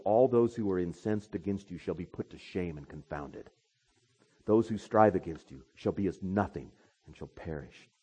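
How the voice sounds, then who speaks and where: A pastor delivering an impassioned sermon, his voice swinging between soft and loud. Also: lowish voice.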